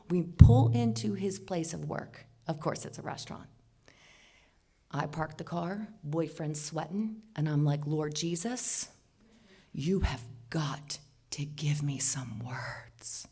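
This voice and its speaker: A woman telling a personal story live to an audience, animated, moving between hushed asides and loud outbursts. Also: lowish voice, vocal fry, breathy edge. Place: stage before an audience.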